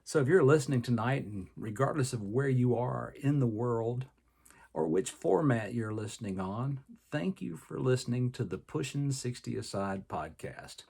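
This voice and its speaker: A man's voice: mid-range voice, expressive, moderate pace, creaky, dark tone, slightly rough. An older man with a Southern American accent, hosting a podcast in a folksy, rambling monologue full of fillers. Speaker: podcast host and personal trainer.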